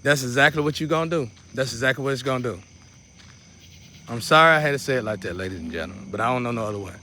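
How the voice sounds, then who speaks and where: A man's voice: medium pitch, rapid-fire, sharp tone, slight background noise. A man teaching a guided meditation in a loose, repetitive, casual way, dropping in preacherly asides. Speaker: spiritual teacher.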